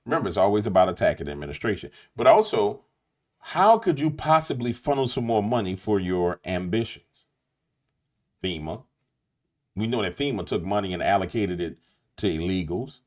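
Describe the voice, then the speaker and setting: A YouTube host from Louisiana with a New Orleans accent delivers a late-night commentary monologue straight to his viewers. His voice is fairly low and darkish, with a sing-song lilt at a normal speed, and his manner is emphatic and preachy.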